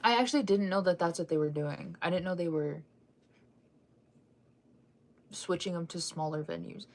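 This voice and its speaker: Sleepy, rambling young woman, low-pitched. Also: fast, a little mellow. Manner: rambling, full of fillers and restarts; sleepy, keeps yawning and sighing. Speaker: fan news vlogger. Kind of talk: casual chat.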